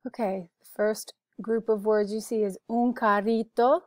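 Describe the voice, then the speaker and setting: An American woman teaching a recorded Spanish vocabulary lesson, slow and careful, saying each word twice for pronunciation. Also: medium pitch, fairly even intonation, darkish tone, dry recording. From United States.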